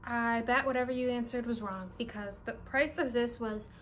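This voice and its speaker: A young woman who runs a crystal shop, talking through her purchases in a casual, excitable vlog with lots of "like" and "really, really". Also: on the high side, moderate pace, slight background noise. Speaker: crystal shop owner and vlogger. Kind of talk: casual show-and-tell vlog.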